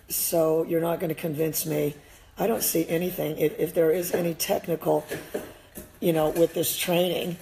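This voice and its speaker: A woman's voice: mid-range voice, gravelly, background noise. A woman with a Midwestern accent, an e-collar dog trainer giving a blunt, emphatic live-stream rant and swearing freely. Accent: Midwestern American.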